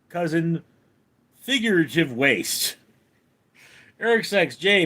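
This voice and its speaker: A man hosting a livestream at home, reading chat comments aloud and answering them deadpan. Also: on the high side. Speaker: livestream host.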